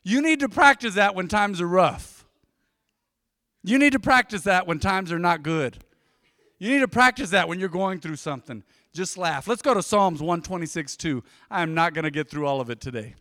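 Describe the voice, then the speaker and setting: A man in his forties preaching to a congregation, his voice high and bright as he tells stories and keeps asking the room to answer back. The sound is close and dry. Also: animated, moderate pace, no room sound. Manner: storytelling, calls out to the congregation. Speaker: pastor. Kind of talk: sermon.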